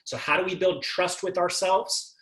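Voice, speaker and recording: A man's voice: high voice, steady tone, moderate pace, fairly bright tone. Emphatic male motivational speaker. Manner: emphatic, repeats key phrases. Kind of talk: motivational talk.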